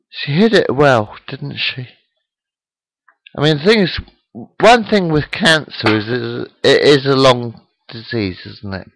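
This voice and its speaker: A man's voice: mid-range voice, creaky, fairly bright tone, no room sound, poor audio. A man in his forties talking to his webcam at home, upset and shocked, rambling and repeating himself while asking the viewer questions. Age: 40s. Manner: slow, repetitive, asks the viewer questions. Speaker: webcam vlogger. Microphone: webcam microphone.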